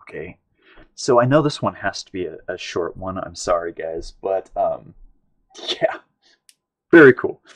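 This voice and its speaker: A man from the United States with a fairly low voice hosts a live painting stream. He chats casually to his viewers and rambles, often trailing off and starting his sentences again. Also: expressive, unhurried, long pauses, fairly bright tone. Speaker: livestream art host.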